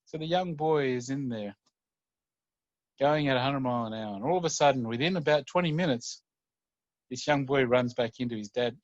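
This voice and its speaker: A man telling a story aloud, unhurried and conversational, with a mid-range voice. The recording is dry and slightly dull. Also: medium pitch, no echo. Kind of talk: oral storytelling.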